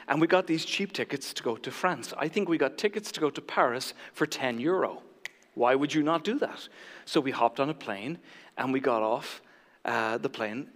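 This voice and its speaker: High-voiced joking male pastor. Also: a bit bright, big-room sound. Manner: jokey, self-mocking storyteller. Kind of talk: sermon. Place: church sanctuary.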